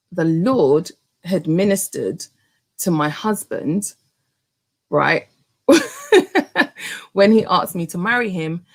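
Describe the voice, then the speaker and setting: Low, gravelly woman telling her story. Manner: animated, many fillers and restarts. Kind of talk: personal storytelling to camera.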